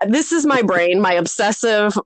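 A woman's voice: medium pitch, expressive, normal speed, no room sound. A woman co-hosting a podcast, telling a rambling story in casual chat, laughing often and poking fun at herself. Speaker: podcast co-host.

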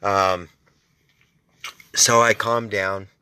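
A man's voice: fairly low pitch, flat delivery, very slow, bright, forceful tone, clear, resonant tone, no room sound. Rambling, profane male host. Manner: rambling and profane, with many restarts and asides. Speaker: podcast host. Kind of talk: casual storytelling monologue.

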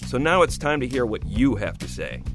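A man co-hosting a radio music-review show, who lays out his views in a measured, reflective way. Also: mid-range voice, huge pitch swings. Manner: measured and reflective, building his case step by step. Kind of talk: opinionated review talk. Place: radio studio. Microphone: close studio mic.

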